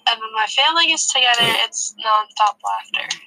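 A woman's voice: on the high side, brisk, creaky, sharp tone, slight background noise, poor audio. A young woman co-hosting a podcast, chatting in an easygoing way. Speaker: podcast co-host. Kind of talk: casual podcast chat.

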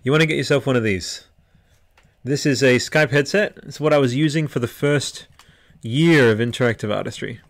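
A man's voice: mid-range voice, normal speed. Chatty Australian man reading live chat. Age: 30s. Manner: chatty and rambling, reading out viewer comments with frequent fillers. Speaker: podcast host. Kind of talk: casual live-stream chat. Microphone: headset-style home podcast mic.

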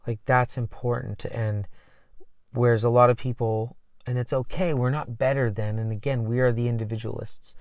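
A man's voice: mid-range voice, fairly even intonation, moderate pace, darkish tone, no echo, clean studio sound. A man who coaches, talking casually and earnestly about himself, rambling with many fillers. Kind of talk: casual personal talk.

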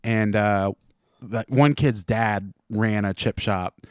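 A man's voice: on the low side, steady tone, slow, clean tone, no room sound, studio quality. A man co-hosting a podcast in casual chat, joking, laughing often and swearing freely. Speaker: podcast co-host.

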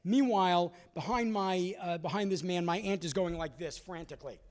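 A comedian from Brooklyn, New York, hosting a storytelling show, with a conversational, filler-heavy delivery. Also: male voice, high-pitched, normal speed, big-room sound. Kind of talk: live stand-up storytelling. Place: theater stage before a live audience.

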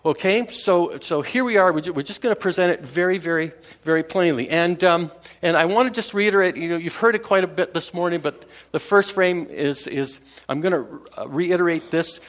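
A man's voice: on the high side, brisk, fairly bright tone. A man preaching a casual sermon to his congregation, talking conversationally with many fillers and restarts and chuckling at his own jokes. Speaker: pastor.

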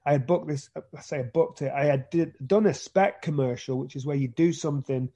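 A man's voice: a little high, fairly quick, dark tone, husky. A British man being interviewed about his acting career, talking casually with many restarts and repeated words. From Britain. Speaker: actor guest.

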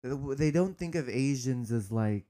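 A man talks openly as a guest in a personal conversation. He often pauses and starts his sentences again, then speeds up and grows more animated as he gets going. His voice sits at an ordinary middle pitch. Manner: hesitant, many restarts, grows animated. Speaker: interview guest.

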